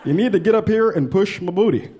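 A man doing a measured politician impression. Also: high-pitched, expressive, noisy background, voice pushed up. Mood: cool.

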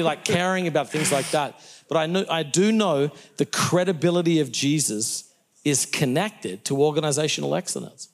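Appearing as an interview guest, a middle-aged Australian pastor answers questions in an animated, preacherly style. His voice sits on the high side at a moderate pace, and he often restarts sentences and laughs at his own jokes.

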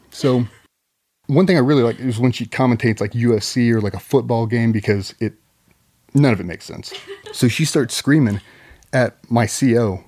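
A man's voice: medium pitch, normal speed, darkish tone, slightly rough. A man telling rambling, profane anecdotes as a podcast guest in casual conversation. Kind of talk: casual storytelling.

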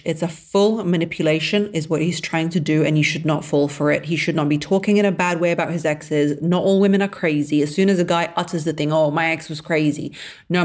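A woman's voice: sits low, darkish tone. A woman hosting a solo advice podcast, talking in an emphatic, blunt and sardonic way. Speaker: podcast host.

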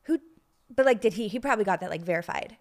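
A woman's voice: mid-range voice, expressive, fast talker. A young woman co-hosting a podcast, teasing her partner in casual chat, laughing often and saying "like" a lot. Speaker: podcast co-host.

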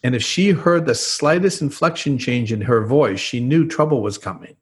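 A man's voice: medium pitch, moderate pace. A man talking as an interview guest, explaining earnestly and acting out the lines he quotes. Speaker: guest, trauma expert. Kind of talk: podcast interview.

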